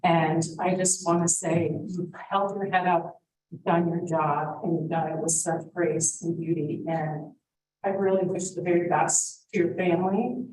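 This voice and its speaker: A woman's voice: lowish voice, fairly even intonation, a little slow, darkish tone. A woman giving a heartfelt, emotional public comment at a town meeting. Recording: echoey room, distant mic.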